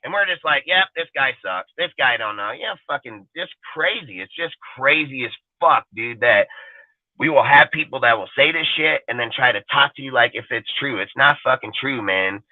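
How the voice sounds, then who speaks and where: Male sports-talk host, mid-pitch, profane and heated, lo-fi phone-quality audio. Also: normal speed, no room sound. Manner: profane, fired-up ranting. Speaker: podcast host. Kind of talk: casual sports rant.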